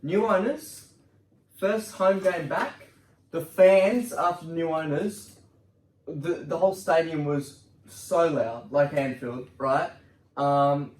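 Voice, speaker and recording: A man hosting a casual football podcast, bantering quickly and laughing easily. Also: on the high side, far from the mic. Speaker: podcast host. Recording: roomy sound from off-mic, faint noise.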